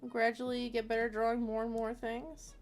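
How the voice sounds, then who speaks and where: Casual rambling chat from a woman artist in her thirties with a fairly high voice. She talks easily to viewers, often joking at her own expense. Soft music plays faintly behind her. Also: monotone, a little fast. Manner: chatty, rambling, self-deprecating. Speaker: artist hosting a chat stream. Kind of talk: casual chat while drawing.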